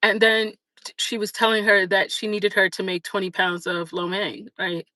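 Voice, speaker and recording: Bright, chatty woman telling a story. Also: mid-range voice, normal speed, no echo, rough recording. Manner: chatty, animated, many fillers. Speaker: livestream host. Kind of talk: casual storytelling chat.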